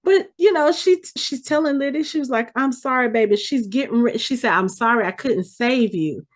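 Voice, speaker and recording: A woman's voice: a little high, lively intonation, normal speed. A woman hosting a podcast, animatedly retelling a TV episode and acting out the characters' lines. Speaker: podcast host. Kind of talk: casual episode recap.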